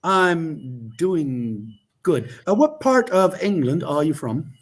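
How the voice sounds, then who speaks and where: A man's voice: fairly high pitch, very animated, takes it slowly. Joking man, guest on a livestream. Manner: joking, wandering asides. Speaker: interview guest. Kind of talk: casual livestream chat.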